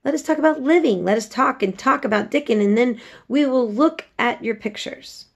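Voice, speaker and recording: Bold, contrary little girl in a storybook reading, pitched up and forthright, played by a woman reader; husky edge. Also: normal speed. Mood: eager. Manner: obstinate, unsympathetic. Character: blunt contrary young girl, stubborn and bold.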